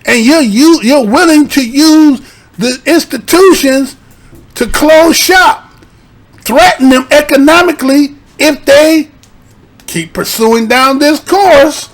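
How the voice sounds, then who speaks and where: A man's voice: very high voice, takes it slowly. A man giving casual, profane vlog commentary, rambling and argumentative, leaning on rhetorical tags like "right?" and "you understand?". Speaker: YouTube commentator.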